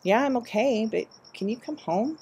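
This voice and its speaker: Woman doing a scared little six year old girl, stammery and pleading, higher voice. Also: lively intonation, normal speed, a little mellow, husky, heavily acted. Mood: anxious pleading. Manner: hesitant, stammering.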